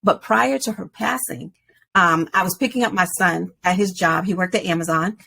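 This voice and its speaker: A woman in her forties, a podcast guest, telling a personal story in an animated way. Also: fairly low pitch, normal speed, gravelly, slight background noise. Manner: animated storyteller, acts out quoted voices.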